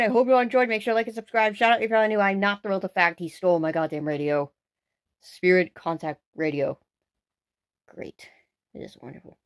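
A woman hosts a casual paranormal challenge vlog at a middling pitch. Her delivery is excitable and dramatic, with plenty of swearing thrown in. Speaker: video host.

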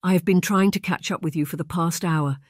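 A woman's voice: deep voice, moderate pace, dark tone, dry recording. A slender, proud young girl from a period storybook, as the narrator puts her on, earnest and firm as she speaks up. Her voice is dry and close to the mic.

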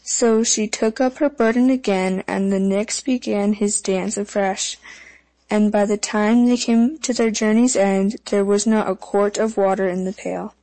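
A woman narrating a fairy tale audiobook in an even, measured storytelling manner. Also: medium pitch, low-quality recording.

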